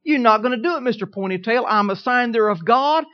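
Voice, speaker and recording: A man preaching a sermon, telling a personal story in a folksy way, swinging from quiet asides to emphatic declarations. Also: extremely high pitch, expressive, brisk, highs cut off. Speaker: pastor.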